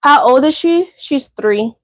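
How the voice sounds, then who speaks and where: A woman chats on a casual livestream from her home. Her voice sits high and swings widely in pitch, and the sound is dry and close. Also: lively intonation, measured pace, dry recording. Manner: chatty, talks straight to viewers as y'all. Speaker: channel host. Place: home indoors.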